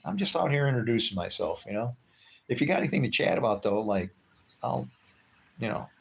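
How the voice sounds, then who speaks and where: A man's voice: medium pitch, big pitch swings, a little fast, gravelly, husky. A man chatting casually with livestream viewers from a porch at dusk, rambling and joking with frequent chuckles.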